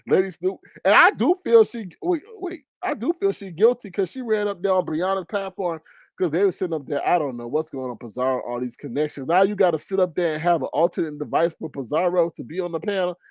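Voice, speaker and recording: A man hosting a livestream of gossip commentary, talking in an animated way with frequent laughs and drawn-out asides. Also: sits high, no room sound, clean studio sound. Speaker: online show host.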